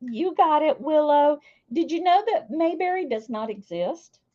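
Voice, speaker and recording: Slow, lively-pitched woman streamer. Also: lo-fi sound. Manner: chatty and self-deprecating, reads viewer names aloud. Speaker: livestream host. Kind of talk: casual livestream chat with viewers.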